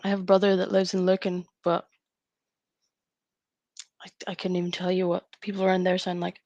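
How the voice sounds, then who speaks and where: A woman's voice: lowish voice, completely flat delivery, brisk, darkish tone, no room sound, dull audio. A woman, hosting a live writing stream and chatting casually as she thinks aloud. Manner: chatty and rambling, thinking aloud between tasks.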